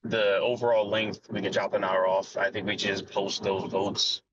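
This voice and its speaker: A man's voice: fairly low pitch, level tone, normal speed, lo-fi sound, very noisy. A laid-back man talking slangy casual chat on a podcast, calling in over a remote line. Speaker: podcast co-host.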